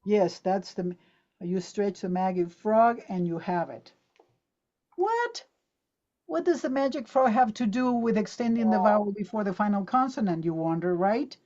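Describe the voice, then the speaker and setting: A woman leads an online pronunciation lesson with a mellow, warm voice. She drills sample words aloud and fires questions at her listeners to keep them with her. Her sound comes over a dull, lo-fi video call line. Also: mid-range voice, moderate pace. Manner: lively, demonstrative, drills words aloud and quizzes the audience. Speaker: pronunciation teacher presenting to teachers. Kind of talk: online teaching talk.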